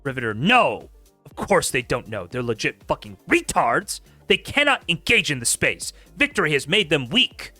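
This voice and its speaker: Animated, incredulous male streamer. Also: fairly high pitch, moderate pace, slightly rough, dry recording, faint music behind. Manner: sarcastic, incredulous, laughing. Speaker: streamer host. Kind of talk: casual commentary reading chat logs aloud.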